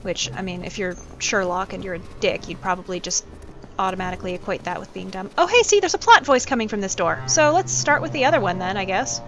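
A woman streamer giving chatty, excitable commentary while playing a game, full of quick asides and exclamations. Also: medium pitch. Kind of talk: casual gameplay commentary. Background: game music.

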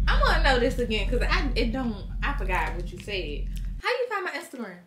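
A woman's voice: a little high, sing-song, brisk. Teasing young woman, music behind. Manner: teasing, playful, easygoing. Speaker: vlog guest. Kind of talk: casual on-camera chat.

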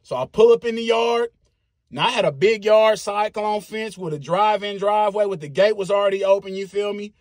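A man, telling a story in a casual, animated, profane way, with sound effects. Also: high voice, brisk, no room sound, studio quality.

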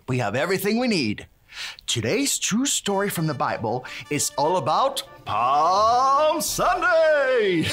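Bouncy, slow-talking children's presenter man. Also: a little high, a bit bright. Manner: bouncy, exaggerated, cheering with the kids. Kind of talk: energetic preschool Bible lesson.

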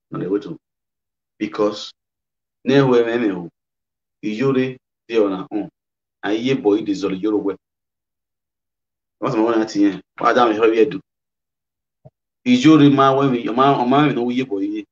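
A man with a Nigerian Pidgin accent giving animated, casual blog commentary, switching languages and laughing often. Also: medium pitch. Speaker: blogger. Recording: dull lo-fi audio.

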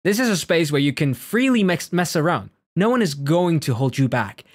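A man's voice: a little high, sing-song, normal speed, no room sound, studio quality. A man streaming a video game, chatting casually with playful reactions and frequent laughter.

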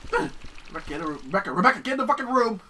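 A man commenting on a video game as he plays, excitable and cursing, yelling at his partner in the game and talking himself through each step. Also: high-pitched, racing, far from the mic, slight background noise. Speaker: gameplay commentator. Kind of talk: let's play commentary. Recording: voice a bit off-mic, loud game music behind. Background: video game music.

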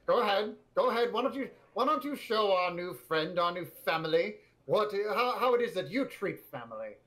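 A man's voice: high-pitched, animated, a little fast, pushed and bright, voice pushed up. A man voicing a small, pushy male goblin with a put-on accent. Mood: taunting. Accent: put-on character accent. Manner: pushy, boisterous, drinking.

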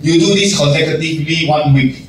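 A man's voice: on the high side, a little fast. A man, a general manager giving a casual motivational talk to staff, acting out little scenes and laughing often. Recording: echoey room, distant mic, noisy.

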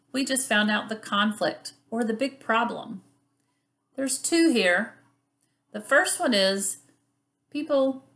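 A woman teacher reading a picture book aloud for young children in a video lesson. Her voice rises and falls a great deal, and she guides the class patiently with warm encouragement. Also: mid-range voice. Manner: patient, encouraging, speaks slowly to young learners.

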